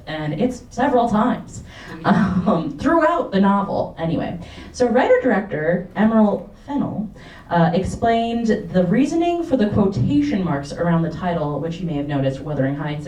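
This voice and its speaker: A woman's voice: lowish voice, lively intonation, normal speed, darkish tone, a little hiss or hum. A woman moderating a panel discussion after a film screening, casual and upbeat as she reads out prompts. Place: cinema auditorium. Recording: echoey cinema, distant mic.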